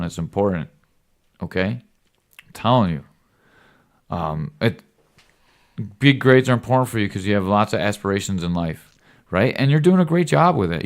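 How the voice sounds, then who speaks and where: A man's voice: fairly low pitch, clean tone. A man, a podcast host, giving his son a rambling, earnest fatherly lecture in casual talk, often checking in with "right?". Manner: lecturing, occasional cussing.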